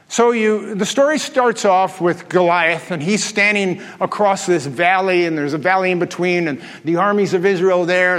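Brief: male pastor, high voice, chatty sermon, long hall reverb. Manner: conversational, asks the congregation questions.

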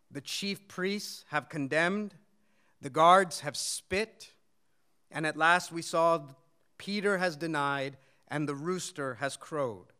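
A man's voice: fairly high pitch, pushed and bright, smooth. A man preaching an expository sermon, telling the story earnestly and asking his listeners questions. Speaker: pastor.

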